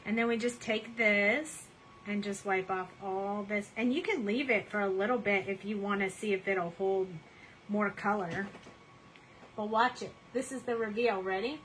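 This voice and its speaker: A woman hosts a casual craft tutorial from her home desk, chatty and cheerful as she narrates each step. Her medium-pitched voice is a bit bright and moves at normal speed. The recording is low quality, with a little hiss or hum.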